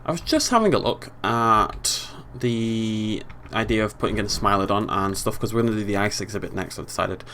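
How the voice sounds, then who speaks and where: A man's voice: fairly low pitch, expressive, fairly quick, few pauses, bright, forceful tone, a little hiss or hum. A young British man giving casual, chatty let's play commentary, playfully talking to the game animals.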